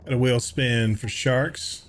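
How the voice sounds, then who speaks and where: A man from New York hosts a live game stream in a relaxed, chatty way, with a voice of ordinary pitch. He reads viewers' messages aloud and answers them, tossing in the odd curse. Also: slow, a little hiss or hum. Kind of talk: casual live-stream chat while gaming.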